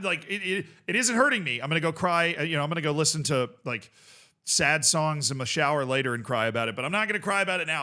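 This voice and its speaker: A young man hosts a casual reaction show and talks in a bright, forceful voice that sits a little high. He rambles in an animated way, swears freely and breaks into laughter. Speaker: host. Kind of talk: casual commentary reacting to a video.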